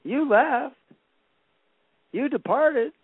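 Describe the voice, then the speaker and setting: A man's voice: very high voice, animated, extremely slow, no echo. A man preaching a sermon, shifting from folksy storytelling to emphatic exhortation. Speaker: pastor. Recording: dry, tinny phone-like radio broadcast.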